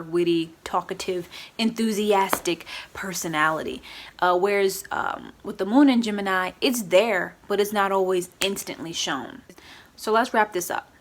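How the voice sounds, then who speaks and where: Speaking in a lowish voice over a faint hiss or hum, a woman who runs an astrology YouTube channel chats her way through astrology in a vlog. She keeps tossing in "you know" and "right?" and performs quoted moods in animated voices.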